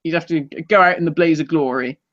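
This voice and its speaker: A man co-hosting a casual live podcast, rambling and self-deprecating, quick to laugh. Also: fairly high pitch, a bit bright, no room sound, highs cut off. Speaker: podcast co-host.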